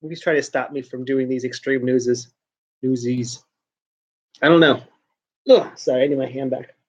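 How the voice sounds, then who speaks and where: A man's voice: medium pitch, fairly even intonation, normal speed, a little mellow, husky, dull audio. A man hosting a joke news show from home, rambling and self-mocking as he talks at his computer. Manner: rambling, joking, self-mocking, trails off and restarts. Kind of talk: casual rambling talk to camera.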